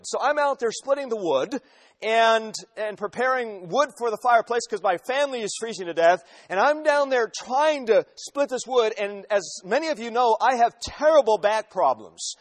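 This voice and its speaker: A man's voice: high-pitched, expressive, moderate pace. A man in his forties preaching a sermon, telling illustrations emphatically and repeating phrases for weight. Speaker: pastor.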